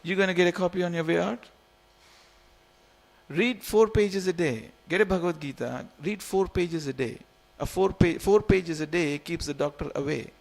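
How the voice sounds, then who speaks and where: The voice is high and creaky, delivered at normal speed. He's a temple speaker in his forties, originally from India, teaching scripture in a casual, joking way in the hall, with repeated lines and plenty of coaxing.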